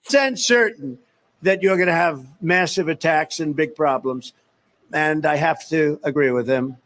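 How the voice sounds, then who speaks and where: A man speaks in played clips, delivering a political speech with emphatic, repetitive lines. His voice sits high for a man. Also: a little slow, a bit bright.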